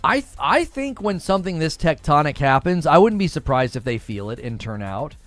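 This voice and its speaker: A man with a slightly raised voice hosts a loose, animated livestream, reading viewer messages and riffing between them. He laughs often and tosses in quick asides. A faint music bed plays under him. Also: fairly high pitch, dry recording. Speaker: livestream host.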